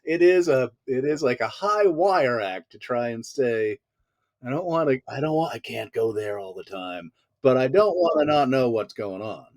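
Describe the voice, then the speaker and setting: A man's voice: mid-range voice, expressive, normal speed, darkish tone, dry recording. A man guesting on a video-call interview from a room at home, telling stories in a wry, theatrical way with vivid wordplay. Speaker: actor guest. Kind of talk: casual interview chat. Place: home room with bookshelf backdrop.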